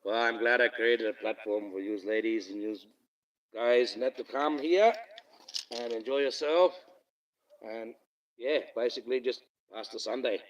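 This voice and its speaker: A man's voice: medium pitch, normal speed, recorded from a distance, highs cut off. Rambling man on a phone stream. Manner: rambling, swears freely, laughs often. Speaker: livestream host. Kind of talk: casual live-stream chat. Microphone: phone camera.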